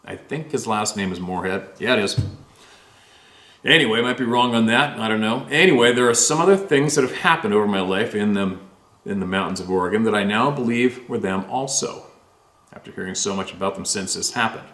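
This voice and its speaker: A man's voice: fairly low pitch, a little fast, a bit bright, roomy sound. A man hosting a show, reading a listener's letter aloud and then rambling casually about it with many fillers. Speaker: host reading listener stories.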